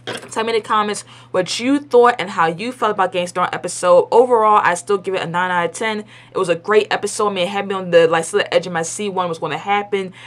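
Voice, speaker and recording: A woman's voice: medium pitch, steady tone, quick pace. A young adult woman gives a casual spoken episode review at home. She rambles and is blunt and opinionated, with lots of "like" and restarts. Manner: chatty and rambling, full of "like" and restarts; blunt and opinionated, with colloquial grammar.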